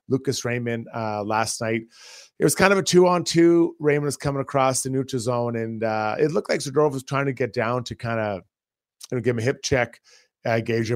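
A man's voice: medium pitch, dry recording, clean studio sound. A man co-hosting a hockey podcast, talking casually and with energy about the game. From Canada. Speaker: podcast co-host. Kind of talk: casual sports talk and read ads.

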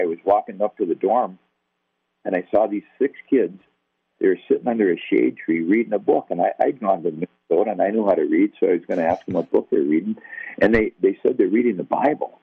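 A man's voice: on the low side, creaky, breathy edge, no echo. An older man telling a personal testimony in a conversational, self-deprecating way, acting out the voices in his story. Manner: conversational, self-deprecating, acts out quoted dialogue. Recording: tinny, phone-like, dry.

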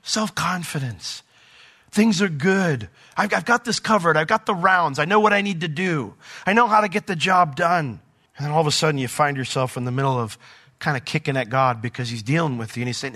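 A man's voice: on the high side, fairly quick, pushed and bright. A man preaching a conversational sermon as pastor of a church, reading scripture and acting out short quoted voices.

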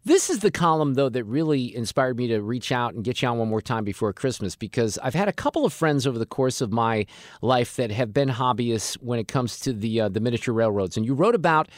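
A man hosting a radio interview, talking to his guest in a quick, conversational way. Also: medium pitch, expressive, dry recording, clean studio sound. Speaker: radio host. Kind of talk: casual interview.

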